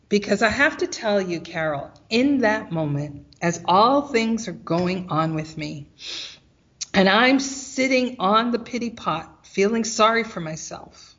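A woman guest telling a personal story of hardship and faith, animated and acting out the voices of others. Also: mid-range voice, lo-fi sound. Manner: animated, acts out quoted voices.

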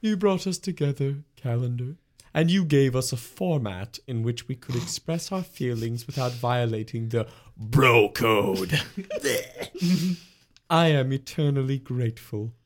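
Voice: medium pitch, unhurried. A co-host giving a sarcastic, comedic dramatic reading. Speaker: podcast co-host reading fan fiction aloud.

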